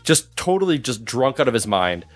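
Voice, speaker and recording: A man hosting a podcast, telling a story in a casual, animated way and laughing through it. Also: medium pitch, normal speed, soft background music.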